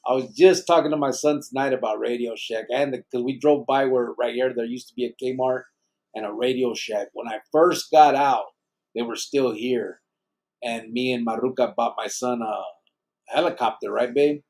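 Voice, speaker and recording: A man's voice: mid-range voice, normal speed, a little mellow. A man hosting a live podcast, chatting casually and reading out chat messages in a laid-back, slangy way that is full of swearing. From Arizona.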